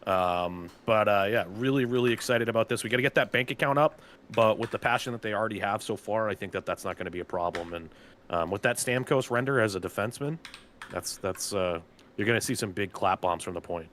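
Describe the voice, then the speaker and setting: A man's voice: on the low side, fairly quick, fairly bright tone, slight background noise. A man, a team general manager, casually announcing draft picks with a chatty, loose manner and lots of filler words. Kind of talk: casual live draft commentary.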